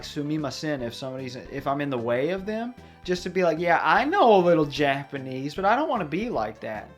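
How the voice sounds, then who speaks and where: A young man giving casual, rambling commentary over a video game he is playing, drifting into chatty asides. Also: on the high side. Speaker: let's play commentator.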